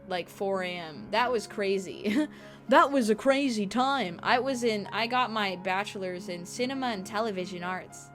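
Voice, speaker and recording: A young woman streamer telling stories in casual chat, animated and profane, acting out the people she quotes. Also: medium pitch, unhurried, soft background music.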